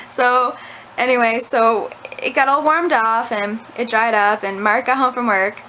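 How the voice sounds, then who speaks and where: At home indoors, a young vlogger tells her camera a rambling, chatty story packed with "like" fillers. Recorded on the camera mic with low quality and a little hiss or hum, her voice is on the high side, steady, sharp, and moderately paced.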